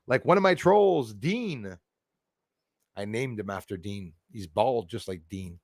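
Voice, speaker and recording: A man's voice: lowish voice, expressive, measured pace, no echo. A man hosting a live stream from a forest, talking casually to his chat in a blunt, profane, rambling way and laughing off critics. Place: outdoors in a forest.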